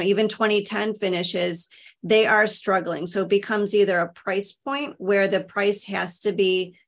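A woman's voice: mid-range voice, a bit bright. A woman real estate agent talking casually, explaining the market with lots of "you know" fillers. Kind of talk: casual panel conversation.

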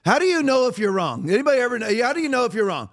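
A man's voice: extremely high pitch, very animated, racing. A man hosting a podcast, delivering heated, sarcastic political commentary and hammering the same points over and over. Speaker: podcast host.

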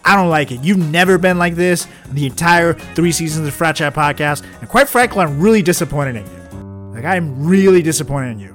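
A podcast host scolds his guest in a mock interview, his voice leaping up into shrill, disgusted outbursts. He sounds exasperated throughout. Faint music plays under him. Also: lively intonation, fairly quick, a bit bright.

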